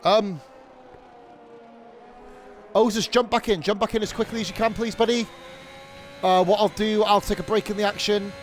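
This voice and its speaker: A young man streaming live sim-racing commentary, excitable and rambling, swearing freely and going off on rants. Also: high voice, moderate pace, long pauses, slight background noise. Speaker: league streamer and race commentator.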